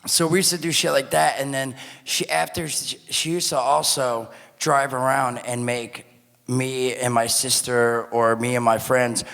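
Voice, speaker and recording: A man casually telling a long personal story, animated and profane, acting out the voices he quotes. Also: mid-range voice, a little slow, creaky, big-room sound. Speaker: podcast co-host.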